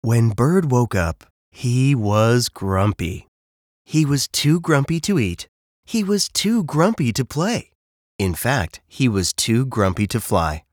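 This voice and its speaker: Male narrator for a children's book, slow, lively pitch, lowish voice, close dry sound. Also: no echo. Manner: slow, expressive storytelling. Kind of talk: storybook read-aloud.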